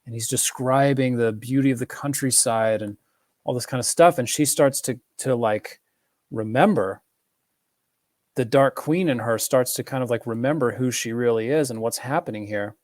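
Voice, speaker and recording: A man's voice: medium pitch, normal speed, darkish tone, no echo, clean studio sound. A man giving a casual, rambling film analysis, full of fillers and restarts. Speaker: film commentator.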